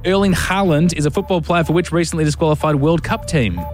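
A man's voice: fairly high pitch, faint music behind. A man hosting a radio quiz, teasing his co-host and filling gaps with ums. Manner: teasing, quick, lots of ums.

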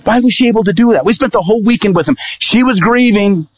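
A man preaching as an evangelist, telling a personal story in a lively sermon style and acting out what people said. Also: sits high, fast talker, dry recording. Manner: vivid storytelling, acting out quoted dialogue.

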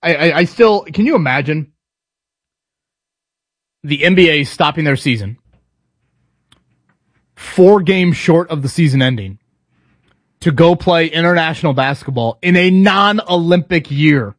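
A man hosting a morning sports talk show in casual chat, emphatic and animated, restarting his sentences often. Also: on the high side, unhurried, pauses often, no room sound, clean studio sound.

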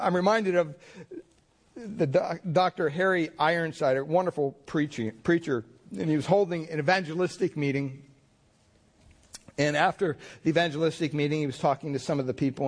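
A male pastor preaching a sermon in a conversational, folksy manner, telling stories with fillers. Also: on the high side.

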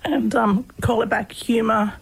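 An Australian woman, a guest researcher, telling personal stories in a relaxed, chatty way with lots of fillers. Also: a little high, measured pace, vocal fry, slightly rough, poor audio. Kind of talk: conversational storytelling.

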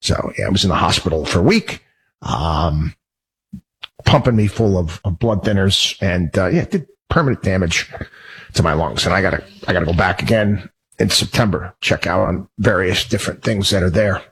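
Worked up and indignant, this man hosts a radio talk show with a rambling casual monologue that keeps restarting and repeating words. His voice is deep and husky yet fairly bright in tone, with lively intonation at a normal speed.

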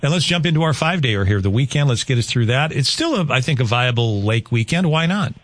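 Lively, folksy male radio host. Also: medium pitch, fast talker, no room sound. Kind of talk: morning radio talk show.

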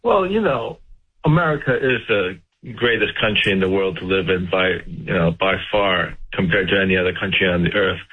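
Easygoing CEO guest on a tinny line. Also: male voice, low voice, normal speed, slightly rough. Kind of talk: radio interview.

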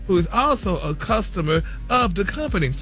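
A man with a high voice runs the celebrity gossip segment of a radio show. He is flamboyant and sassy, and he drops honey and y'all into nearly every phrase. A faint music bed plays underneath. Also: very animated, a little fast, fairly bright tone. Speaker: celebrity news reporter.

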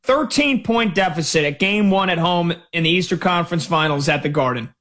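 A man hosting sports talk radio, ranting in an animated, exasperated way into a studio microphone. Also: fairly high pitch, fairly quick.

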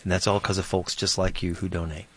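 A man hosting a classical radio program, chatting casually with his co-host and making a fundraising pitch. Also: flat delivery, quick pace, fairly bright tone, breathy edge. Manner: chatty, laughs easily.

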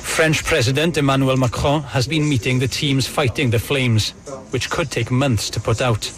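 A male correspondent narrating a scripted news report in a steady, measured way. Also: mid-range voice.

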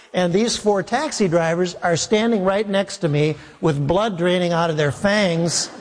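A pastor telling a humorous story in a sermon, with self-deprecating asides and acted-out dialogue. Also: male voice, fairly high pitch, darkish tone. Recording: long reverb of a large hall.

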